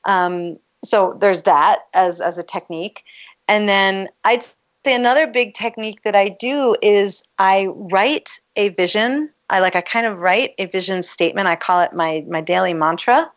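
A woman coach explaining her methods in a relaxed, conversational way, laughing often. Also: medium pitch, normal speed, lo-fi sound. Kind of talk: casual conversation.

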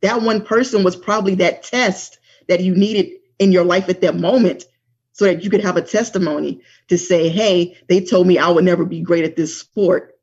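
A woman's voice: on the low side, a little mellow, slightly rough, highs cut off. A woman hosting a podcast, giving reflective advice in a thoughtful way. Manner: thoughtful, many "you know" fillers. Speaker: podcast host.

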